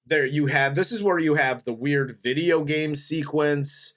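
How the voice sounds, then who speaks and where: A man's voice: fairly high pitch, unhurried, a bit bright. A man co-hosting a casual movie review, laid-back, recapping the plot and laughing easily. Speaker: film review podcast co-host.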